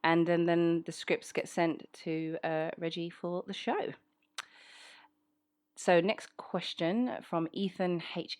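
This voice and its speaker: A woman's voice: fairly low pitch, a little mellow. A woman in her thirties with a South London accent, chatting frankly from home as she answers listener questions, her speech full of ums. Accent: South London English. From England. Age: 30s. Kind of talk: casual chat.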